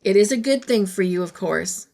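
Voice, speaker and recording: A woman reading the lines of a dreamy, emotional young woman in a storybook, halting and stammering. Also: mid-range voice, lively intonation, gravelly, warm tone.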